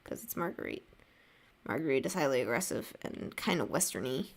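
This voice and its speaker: A woman's voice: extremely low pitch, big pitch swings, fairly quick, creaky. A young American woman chatting casually on her livestream while drawing, reading viewer messages aloud and rambling with lots of "like" and small laughs. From United States. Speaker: art streamer.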